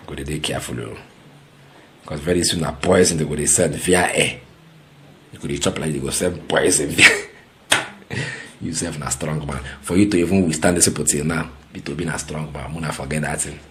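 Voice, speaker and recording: A man's voice: extremely low pitch, fairly bright tone. A man with a Nigerian accent giving ranting political commentary, mocking and incredulous, slipping into Pidgin and repeating words for effect.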